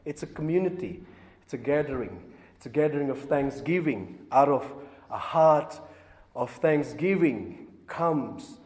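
A man giving a Catholic homily as the priest, thoughtful and measured, with asides and rhetorical questions. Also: a little high, animated, darkish tone. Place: church. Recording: long church reverb.

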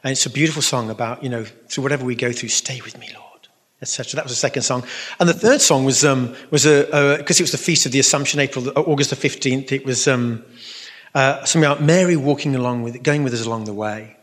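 A man of middle pitch talks through his stories in an earnest, meandering way, often breaking off into asides. His voice echoes with a long tail, as in a large hall. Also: quick pace, fairly bright tone. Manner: earnest, rambling storyteller with asides. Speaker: Catholic speaker and musician answering questions. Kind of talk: storytelling talk with audience Q&A. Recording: reverberant hall.

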